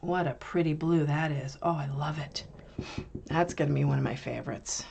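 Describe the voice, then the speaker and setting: A woman's voice: low voice, normal speed, vocal fry, a little mellow, a little hiss or hum. A woman hosting an art channel, chatting casually and musing aloud as she swatches and reviews paints.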